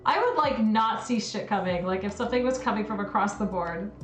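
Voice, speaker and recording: A woman's voice: mid-range voice, lively intonation, brisk, soft background music. Giggly woman streamer, roomy sound. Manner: giggly, chatty, reacts with frequent laughter. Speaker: livestream host. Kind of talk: casual livestream chat reading conspiracy theories.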